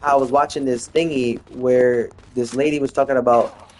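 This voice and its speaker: A man casually chatting while playing a game, telling a story in an animated way and laughing often. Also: medium pitch, moderate pace, a little hiss or hum. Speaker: gaming streamer. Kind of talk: casual chat while gaming.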